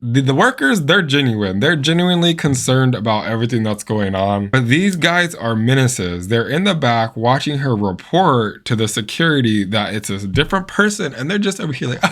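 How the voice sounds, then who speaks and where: A man giving opinionated reaction commentary on video clips, sarcastic and prone to animated outbursts. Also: mid-range voice, normal speed, hardly any pauses.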